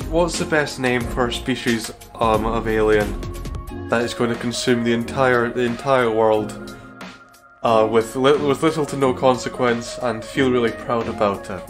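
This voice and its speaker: A young man streaming a video game, excitable and sweary, bickering with his co-op partner and exclaiming at the action. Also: medium pitch. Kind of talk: live gaming stream banter. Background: game music.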